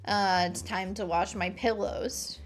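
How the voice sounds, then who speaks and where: A woman's voice: mid-range voice, fairly even intonation, slow, soft background music. A woman streamer chatting casually and playfully while she plays a game.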